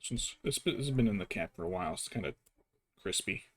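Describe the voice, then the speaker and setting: A man's voice: deep voice, expressive, a little fast. A young adult man chatting casually while painting miniatures, telling rambling, profane stories. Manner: profane, rambling storytelling with mocking impressions.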